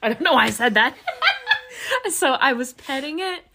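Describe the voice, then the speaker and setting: Woman, podcast co-host, lively up-and-down pitch, fairly high voice, laughing storyteller. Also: moderate pace, creaky, background noise. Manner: animated, laughing, exaggerated storyteller. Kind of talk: casual storytelling chat.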